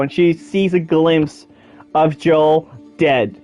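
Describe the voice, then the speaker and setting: Excitable woman ranting about games. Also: low-pitched, measured pace, dull audio, soft background music. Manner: excitable, profane, rambling with restarts. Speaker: gaming vlogger. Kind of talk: casual rant to camera.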